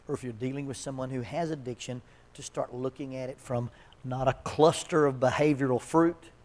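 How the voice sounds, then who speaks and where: A man's voice: medium pitch, a little mellow. Casual man leading an addiction seminar. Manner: conversational, storytelling, chuckles often. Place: church seminar.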